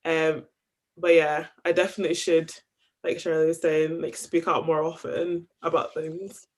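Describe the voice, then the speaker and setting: A woman's voice: low-pitched, flat delivery, moderate pace. A young woman on a panel, speaking reflectively and casually, using "like" constantly. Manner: reflective, heavy use of "like".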